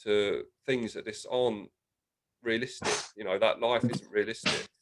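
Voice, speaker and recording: Young man, podcast host, low voice, chatty with frequent restarts. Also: steady tone, moderate pace, a bit bright, a little hiss or hum. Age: young adult. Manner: chatty, restarts words, acts out quotes. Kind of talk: casual interview chat.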